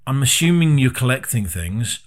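A man with a middling voice rambles through a story about an old game. He swears freely and sounds exasperated, in relaxed, unscripted chat. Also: medium pitch, moderate pace. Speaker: podcast co-host. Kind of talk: casual chat about retro video games.

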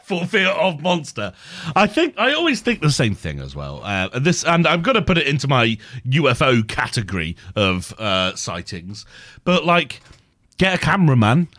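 A man's voice: medium pitch, wildly swooping pitch, normal speed, a bit bright, no echo. A man hosting a podcast, chatting casually and jokily. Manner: chatty, jokey. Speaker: podcast host. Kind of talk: casual chat.

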